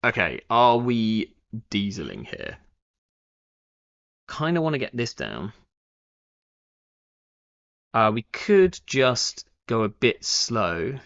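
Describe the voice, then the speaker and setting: In a live stream of a card game, a young man gives rambling, casual commentary, filled with fillers and self-corrections as he thinks aloud. His mid-range, fairly bright voice swings hugely in pitch and moves slowly with long pauses, and the lo-fi stream sound is dull.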